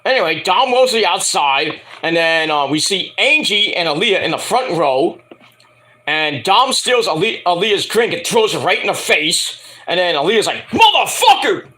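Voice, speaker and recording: High bright guy recapping wrestling, chatty and sweary. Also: moderate pace. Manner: animated, profane, chatty. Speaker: wrestling show reviewer. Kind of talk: casual review recap.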